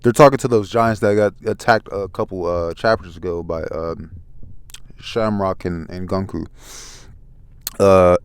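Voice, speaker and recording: A man casually recapping a manga chapter, relaxed with many fillers. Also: deep voice, measured pace, long pauses, clear, resonant tone, no room sound. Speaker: manga reviewer.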